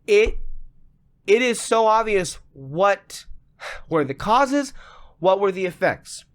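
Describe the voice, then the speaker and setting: Male podcast co-host, fairly high-pitched, emphatic and profane, voice slightly worn. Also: very animated, slow pace. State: losing his voice. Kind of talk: casual podcast discussion.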